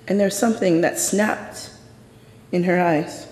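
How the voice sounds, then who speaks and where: A storyteller performing a true personal story live on stage, intense and measured, going hushed in the quiet moments. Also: medium pitch, fairly even intonation. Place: stage in a large hall. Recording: roomy hall with long reverb.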